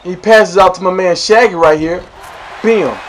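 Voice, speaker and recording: A man's voice: high voice, normal speed, slight background noise. A young man giving casual, slangy, playful commentary over his own gameplay, hyping up the plays. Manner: animated, slangy, playful hype.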